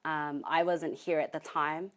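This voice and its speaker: A young woman, grieving and giving an interview at her family home, speaking softly and haltingly with many pauses. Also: sits low, steady tone. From New Zealand. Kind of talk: emotional interview testimony.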